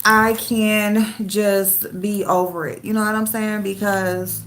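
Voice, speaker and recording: A woman's voice: mid-range voice, little pitch movement, slow, a bit bright, a little hiss or hum. A middle-aged woman venting in casual livestream chat, frank and loose, swearing freely as she talks to viewers. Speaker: livestream host.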